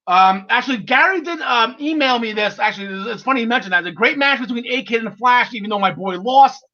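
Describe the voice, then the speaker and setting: This half-Irish podcast host talks fast on a laid-back wrestling show, his very high voice expressive with a sharp edge. He's enthusiastic and laughs a lot, piling on fillers and restarts, all captured in lo-fi sound.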